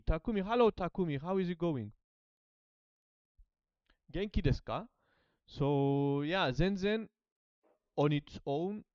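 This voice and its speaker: A man with a slightly high voice chats through a language lesson and repeats practice phrases back. The sound is dry and dull, like a low-fidelity recording. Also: clear, resonant tone, no room sound. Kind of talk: casual chat during a lesson.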